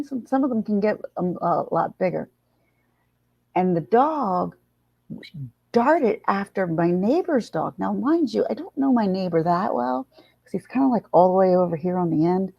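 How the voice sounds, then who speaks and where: A woman's voice: mid-range voice, creaky, dry recording. A woman hosting a live chat, telling a story in a casual, blunt way and swearing freely. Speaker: livestream host. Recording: dull lo-fi sound.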